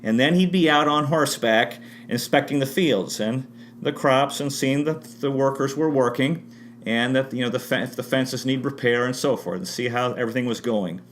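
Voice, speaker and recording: Speaking at a normal speed in a mid-range voice, a male history presenter delivers an unscripted talk sprinkled with spiritual asides. He rambles, frequently restarting and self-correcting mid-sentence, and there's slight background noise.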